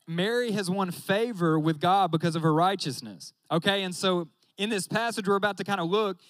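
A young man with a light, high voice preaches a relaxed, jokey sermon, often speaking straight to the audience and calling them "y'all." He talks fairly quickly with a slightly bright sound, captured close up and dry with no echo from the room.

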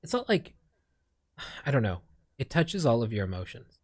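This streamer and podcast co-host is a young adult man from the Philippines, speaking at medium pitch with a sing-song lilt and a normal pace. His casual talk wanders, full of fillers and false starts, on a dead-dry mic with no echo.

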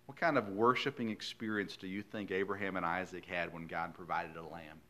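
A male pastor preaching a sermon in a folksy, earnest storytelling way, swinging from hushed lines to loud emphasis. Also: deep voice, fairly even intonation, fairly quick.

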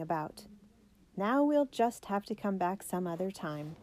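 Woman reading a storybook aloud, mellow. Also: animated, measured pace. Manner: reads characters' lines with raised pitch and emphasis. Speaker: narrator.

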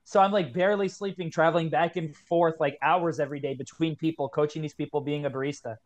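Fast-talking young man, earnest and heartfelt. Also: on the high side, steady tone, muffled recording. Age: 20s. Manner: earnest, heartfelt storytelling, many "like" fillers. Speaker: guest, kettlebell coach. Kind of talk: casual podcast conversation.

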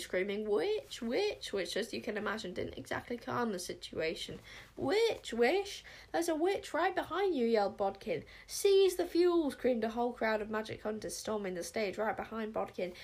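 Woman reading a lively storybook aloud. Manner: lively, voices the characters with big pitch jumps. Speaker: audiobook narrator.

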